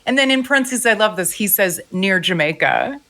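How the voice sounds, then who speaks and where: A woman's voice: medium pitch, lively intonation, brisk, pushed and bright. A woman co-hosting a film podcast, chatting casually, laughing easily and reading listener email aloud. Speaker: podcast co-host.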